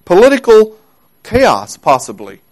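A man delivers a sermon in a fairly high voice. He speaks earnestly and with emphasis, repeating key words for weight. When he reads scripture aloud, he slows down. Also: wildly swooping pitch. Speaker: preacher.

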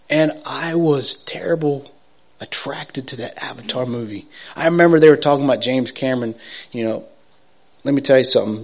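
A middle-aged man giving an emotional personal testimony, halting and repetitive, swinging from urgent to hushed. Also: medium pitch. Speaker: testimony speaker.

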